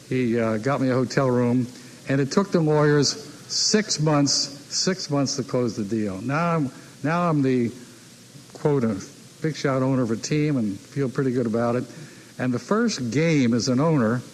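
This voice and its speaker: An older man recounts his business stories in an anecdotal, conversational way, repeating key phrases for effect and acting out what others said to him. His voice sits at a middle pitch. A faint noise runs under the recording. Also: darkish tone, rough recording. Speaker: team owner telling stories. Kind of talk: anecdotal speech.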